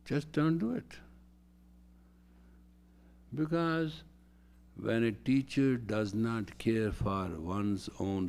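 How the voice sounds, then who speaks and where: A man's voice: low voice, darkish tone. A man lecturing as a spiritual teacher, emphatic and repeating phrases for stress.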